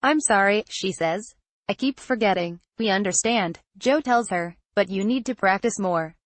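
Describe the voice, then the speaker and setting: A woman reads a memoir excerpt aloud in a steady, measured way, keeping quoted lines close to her narrating voice. Her pitch sits in a middle range. The recording is close and dry, with no room sound. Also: no echo.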